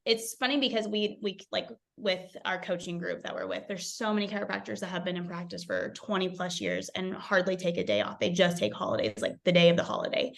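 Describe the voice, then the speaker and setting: A woman guesting on a podcast, chatting in a bubbly, animated way with lots of fillers. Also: lowish voice, brisk, creaky, hardly any pauses. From United States. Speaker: chiropractor guest. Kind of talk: casual podcast chat.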